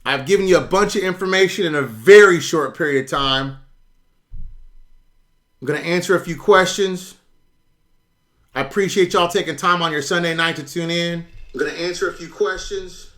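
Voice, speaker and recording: A man's voice: a little high, moderate pace, pauses often, fairly bright tone. A middle-aged man, ranting bluntly and with profanity on his own live stream while answering viewers. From United States. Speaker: YouTube currency commentator. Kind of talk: casual livestream rant.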